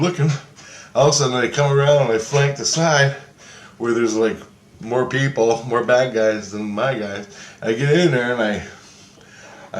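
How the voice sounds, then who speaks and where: A man telling a dream story in a casual, excitable way, swearing freely and jumping into a higher voice for quoted lines. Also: echoey room.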